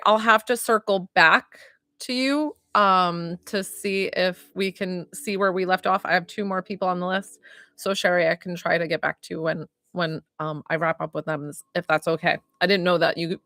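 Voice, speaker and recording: A woman working as a psychic medium, giving live readings to viewers in a warm, rambling way with lots of filler words. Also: lowish voice, moderate pace, dry recording, clean studio sound, soft background music. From northern United States.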